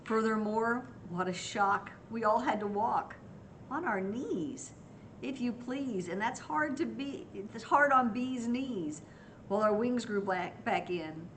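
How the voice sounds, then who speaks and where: A woman's voice: a little high, slow pace, slight background noise. An older woman voicing a swarm of fretful bees in a storybook, complaining and pleading.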